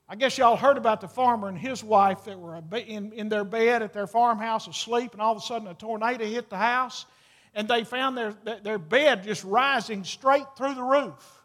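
A man's voice: very high voice, normal speed, a bit bright. A middle-aged man preaching a sermon as pastor, earnest and folksy, drawing out key words for emphasis. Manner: folksy, talks straight to the congregation.

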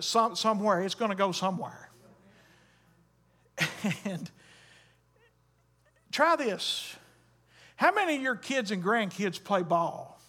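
High-voiced preacher. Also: male voice, pushed and bright. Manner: emphatic preaching with call-and-response. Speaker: Baptist pastor. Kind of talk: sermon.

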